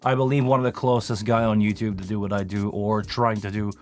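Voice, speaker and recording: A low-voiced Canadian man who works as a live sound engineer hosts a casual live stream Q&A. He's chatty and self-deprecating, rambling with many fillers in a flat, darkish delivery that runs a little fast, with faint music behind him.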